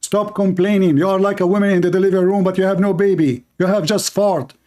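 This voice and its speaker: A man with an Arabic accent argues in a heated live debate, cutting in and mocking the other side. His voice sits fairly high for a man. He repeats one question insistently and won't let it drop. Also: steady tone, quick pace, a little mellow. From Middle East. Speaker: debate host.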